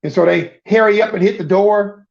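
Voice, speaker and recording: High-voiced preacher man, lo-fi. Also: normal speed, creaky. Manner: emphatic, repeats himself and restarts words. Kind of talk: conversational sermon.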